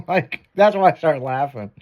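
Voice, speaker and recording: Crude laughing man, lively pitch. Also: muffled recording. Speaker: show host. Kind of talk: casual profane chat show banter.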